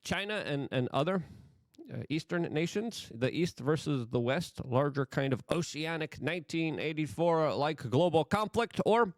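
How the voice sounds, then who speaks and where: Excitable, stammering male commentator. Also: fairly high pitch, moderate pace, no echo. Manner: excitable, stammers with repeated words. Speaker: host. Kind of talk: political commentary.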